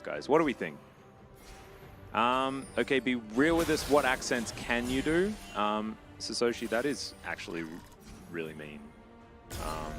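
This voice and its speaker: A man commentates a competitive video game match on his own, his pitch swinging widely as he talks. He fills gaps with chatty, self-mocking asides and gets loud on big plays. Background music runs steadily under his voice. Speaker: esports caster. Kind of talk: play-by-play esports commentary.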